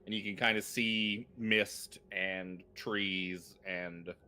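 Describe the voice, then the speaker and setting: A man narrating scenes as dungeon master in a tabletop game, talking in relaxed, rambling descriptions with fillers. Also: low-pitched, slow pace.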